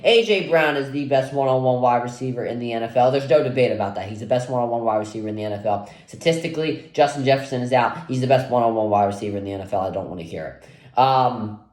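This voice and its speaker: A man's voice: mid-range voice, darkish tone. A young man giving a casual solo football preview, rambling with lots of fillers. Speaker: sports vlogger previewing a game. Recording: echoey room.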